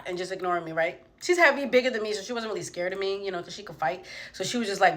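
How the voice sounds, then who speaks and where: A woman's voice: medium pitch, lively intonation, fast talker, fairly bright tone. A young adult woman telling a comedic story casually, with lots of profanity, who acts out the voices of the people she quotes.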